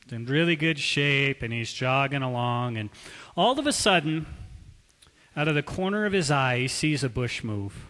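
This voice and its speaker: A man preaching a sermon as a pastor, telling a story with drawn-out emphasis. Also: mid-range voice, animated, sharp tone. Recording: long hall reverb.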